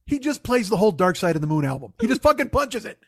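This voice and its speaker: A man spins a casual, profane anecdote, slipping into other people's voices as he quotes them. His voice sits a little high for a man and sounds dry and close to the mic, with no room behind it. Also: quick pace, dry recording. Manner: profane, animated, acts out quotes. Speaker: storyteller. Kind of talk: casual storytelling.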